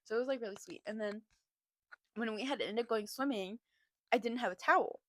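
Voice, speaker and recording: A young woman hosts a casual podcast and tells a story in a chatty, lively way. Her voice sits a bit high. The sound is close and dry, with no room around it. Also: a little fast, no room sound. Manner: chatty and animated, laughing often, heavy filler "like". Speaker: podcast host.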